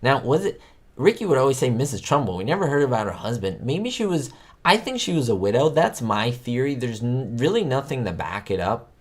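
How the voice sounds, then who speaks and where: Lively, rambling male trivia host. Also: medium pitch, fairly quick. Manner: rambling, excitable, talks to viewers. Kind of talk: casual livestream chat.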